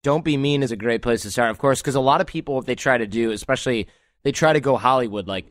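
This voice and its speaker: A man's voice: medium pitch, brisk, no room sound. A man hosting a casual podcast conversation, chatty and storytelling, laughing easily. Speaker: host.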